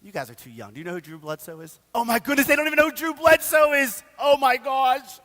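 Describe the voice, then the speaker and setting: A man preaching a sermon, telling the story in a casual, animated way with slang. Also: very high voice, fast, big-room sound. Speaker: pastor. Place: church sanctuary.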